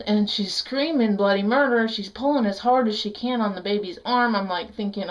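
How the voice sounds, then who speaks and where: A middle-aged woman vlogging a painful personal story, her speech halting and raw, with restarts and the odd curse. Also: medium pitch, highs cut off. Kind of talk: emotional personal story vlog.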